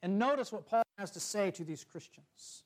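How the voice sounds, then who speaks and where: A man preaching a sermon, telling a story and reading scripture in a slow, measured way with soft, dropping phrase ends. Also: sits high, lively intonation.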